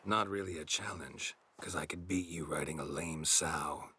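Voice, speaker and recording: An actor playing a gruff, dry-witted, middle-aged male monster hunter who talks in a sarcastic deadpan in game dialogue. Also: extremely low pitch, normal speed, exaggerated voice.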